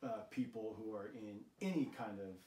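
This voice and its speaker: A man hosting an interview, asking questions in a halting way with lots of restarts. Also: fairly low pitch, warm tone. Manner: halting, stacks fillers and restarts. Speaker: host. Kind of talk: casual interview. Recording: roomy, distant mic, faint hiss.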